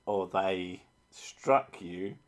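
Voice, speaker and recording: A man with a fairly low voice hosts a laid-back livestream, riffing on viewer comments. He jokes constantly, swears freely and drifts off topic easily. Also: little pitch movement, drawn-out words. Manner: profane, joking, easily sidetracked. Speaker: livestream host reading chat. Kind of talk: casual livestream chat.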